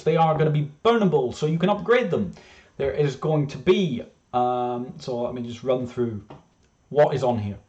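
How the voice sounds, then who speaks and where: A man presenting his game in a casual, rambling way, often restarting sentences, joking at himself and getting excited. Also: on the high side, normal speed. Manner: rambling, self-interrupting, excitable, jokey. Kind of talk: casual screen-share presentation.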